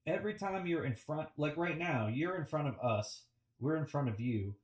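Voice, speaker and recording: A man gives a relaxed, reflective coaching talk about public speaking on a video call, often pausing with ums and restarting his sentences. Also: a little high. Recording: roomy and distant from the mic.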